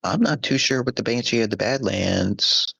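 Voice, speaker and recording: A man's voice: medium pitch, moderate pace, creaky, muffled recording, crowd noise. A man co-hosting a casual podcast on a headset, laid-back and rambling, full of fillers. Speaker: podcast co-host. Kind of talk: casual chat.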